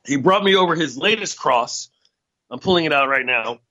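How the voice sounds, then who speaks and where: A man's voice: fairly high pitch, lively intonation, moderate pace, pushed and bright, no echo, lo-fi sound. A man hosting a casual solo podcast, rambling and sarcastic, often breaking into laughter at his own jokes. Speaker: podcast host.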